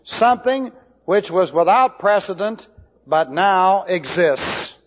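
High-ish guy teaching a sermon, slow and careful, long echo like a big hall. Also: expressive. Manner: slow, deliberate, spells out Hebrew words letter by letter. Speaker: Bible teacher. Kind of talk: expository sermon. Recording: dull lo-fi hall recording.

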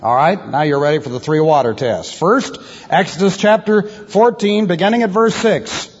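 A man teaching the Bible as a pastor, emphatic, asking rhetorical questions and swinging his pitch widely. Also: moderate pace, slightly rough. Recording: lo-fi reverberant hall recording.

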